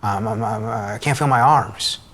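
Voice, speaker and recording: A man's voice: on the low side, moderate pace, a bit bright. A man voicing his foster uncle, gasping and stammering as he struggles to breathe. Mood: panicked.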